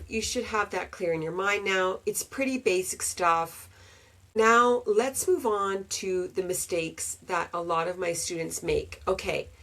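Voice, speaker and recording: A woman teaching grammar, going through example questions slowly and repeating them. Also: on the low side. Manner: slow, deliberate, repeats example sentences. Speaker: English teacher. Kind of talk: explanatory grammar lesson.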